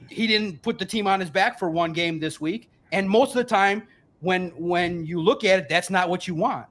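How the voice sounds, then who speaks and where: A man in his forties with a high-set voice holds forth in a casual sports podcast chat. He is emphatic, rambling and heavily profane, sounding a little tipsy from a couple of beers. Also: a bit bright. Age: 40s. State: a bit tipsy from beer.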